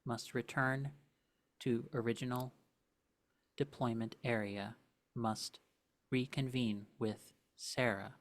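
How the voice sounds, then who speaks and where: Robotic machine alert voice, flat clipped directives, tabletop game, a man putting it on. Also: mid-range voice, takes it slowly, long pauses. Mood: mechanical. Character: cold robotic warning voice of a machine.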